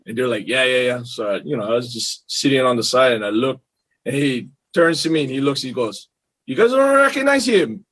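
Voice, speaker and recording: A man's voice: medium pitch, fairly quick. A man, an actor at a film reunion panel, telling a casual story and acting out the voices of the people in it. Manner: animated, acts out voices in anecdotes.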